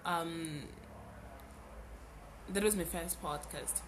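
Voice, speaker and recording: A young adult woman hosting a podcast, telling a personal story in a casual, animated way and repeating words for emphasis. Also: fairly low pitch, a little slow, long pauses, slight background noise. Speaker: podcast host.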